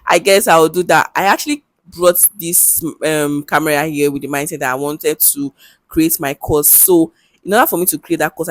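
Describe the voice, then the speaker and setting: A woman's voice: deep voice, dry recording. Chatty young Nigerian woman vlogging. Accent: Nigerian English. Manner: chatty and candid, with bursts of laughter and local slang. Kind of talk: casual talk to camera.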